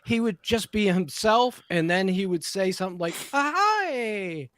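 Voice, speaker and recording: A man's voice: sits high, normal speed, no echo, studio quality. A man talking as a guest in a casual movie review chat, blunt and incredulous.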